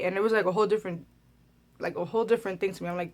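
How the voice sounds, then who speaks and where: A young woman talks straight to her camera, recounting her own experiences in a relaxed, conversational flow. She leans on casual fillers and restarts as she goes, like she is chatting with friends. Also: mid-range voice, racing. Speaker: beauty vlogger. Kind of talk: personal storytelling to camera.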